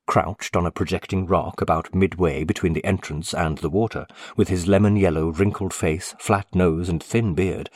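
Deep, husky male storyteller. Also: dry recording, clean studio sound. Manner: steady, measured reading. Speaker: audiobook narrator. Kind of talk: scripted narration.

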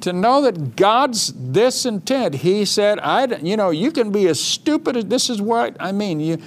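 A man's voice: high voice, very animated, moderate pace, noisy background. A man preaching a sermon, reading scripture with mounting emphasis and breaking into chatty asides. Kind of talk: sermon teaching.

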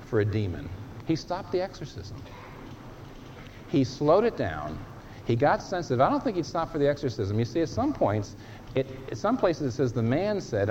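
A male preacher delivering a sermon with an emphatic, lively delivery, his pitch rising and falling widely. The recording is dull and lo-fi, with a faint hiss. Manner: emphatic, animated preaching with dramatic pauses.

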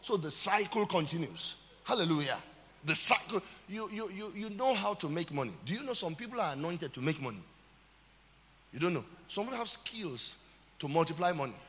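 A man's voice: sits high, expressive, fairly quick, pushed and bright, long reverb tail. A man with a Nigerian accent, a pastor preaching a sermon with dramatic emphasis and calls out to the congregation.

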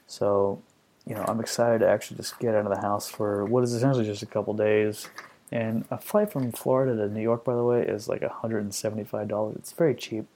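Profane ranting podcast host, mellow voice. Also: male voice, on the low side, level tone, fairly quick. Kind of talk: comedic ranting commentary.

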